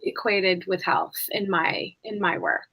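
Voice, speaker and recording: A woman's voice: mid-range voice, steady tone, measured pace, vocal fry, pushed and bright, breathy edge. A woman hosting a conversational podcast, reflective and talking with many filler words. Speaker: podcast host.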